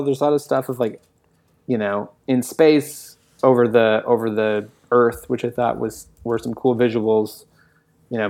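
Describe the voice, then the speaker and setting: A man's voice: mid-range voice, darkish tone. A man co-hosting a casual chat, hesitating with fillers and chuckling. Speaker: podcast co-host.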